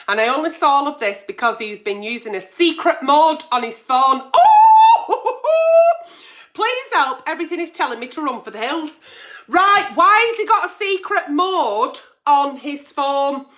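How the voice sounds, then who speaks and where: A woman's voice: high voice, animated, normal speed, pushed and bright. A middle-aged woman hosting a live-stream advice show, chatty and swearing freely as she reads out viewer comments and letters. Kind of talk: live-stream agony aunt chat.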